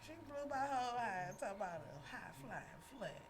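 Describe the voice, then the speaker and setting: A woman's voice: on the high side, expressive, brisk, background noise. A woman co-hosting a comedy talk show in a radio studio, brash and profane, laughing often. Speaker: co-host.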